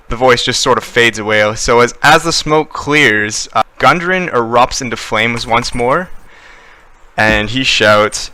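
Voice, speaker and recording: Young male GM, hesitant narrator, bright clear voice, dry close mic. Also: medium pitch, unhurried, no room sound. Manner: hesitant, many fillers and restarts. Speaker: game master. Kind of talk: narrating a tabletop game.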